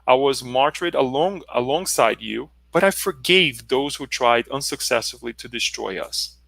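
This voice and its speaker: A man reading the lines of a loving spirit mother who pleads gently with her lost son. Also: mid-range voice, animated, moderate pace, gravelly, no echo. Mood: tender pleading. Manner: gentle, pleading, read aloud from a book.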